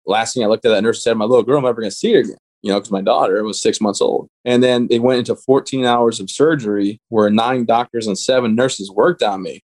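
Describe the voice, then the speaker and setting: Fast-talking man telling his war story. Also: lowish voice, a little mellow. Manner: blunt, matter-of-fact retelling of his wounding. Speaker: guest. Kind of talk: personal storytelling in an interview.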